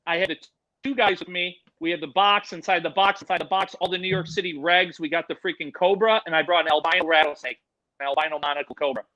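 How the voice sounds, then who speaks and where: A middle-aged man, a guest on a casual podcast, telling loud, profane, animated stories. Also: fairly high pitch, fast talker, no room sound, muffled recording. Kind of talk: casual storytelling chat.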